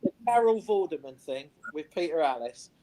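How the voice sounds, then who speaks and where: Man, co-host, storyteller, slightly high pitch, casual chat that slips into voices now and then. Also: moderate pace. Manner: animated anecdote-telling, mimics voices in quotes. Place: studio.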